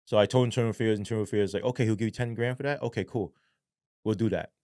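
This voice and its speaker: Profane storytelling ex-cop, low voice. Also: male voice, rapid-fire, no echo, clean studio sound. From New York. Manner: profane, animated storytelling with acted quotes. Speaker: podcast guest, former police sergeant. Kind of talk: casual storytelling interview.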